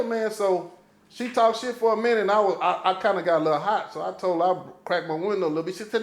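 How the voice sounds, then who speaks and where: A man spins a street story in relaxed podcast talk, swearing often and voicing each person he quotes. His voice sits high, and the room around him rings with echo. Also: fast. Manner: profane, animated storyteller, acting out quotes. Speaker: podcast guest. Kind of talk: casual storytelling chat.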